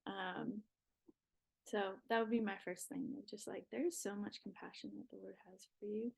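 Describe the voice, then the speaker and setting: A young woman, a podcast guest, talking in a relaxed, reflective way about faith and new motherhood. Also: medium pitch, normal speed, gravelly, husky, poor audio. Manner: reflective, talks with her hands. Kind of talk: casual faith talk.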